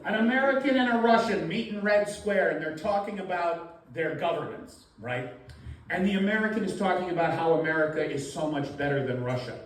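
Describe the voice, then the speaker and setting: A male standup comedian tells his jokes deadpan, acting out the people in them as he goes. His voice sits fairly high. It comes from a distance in a heavily echoing club room. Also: brisk, slight background noise. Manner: deadpan joke telling, acting out quoted voices. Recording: very echoey club room, voice from far off.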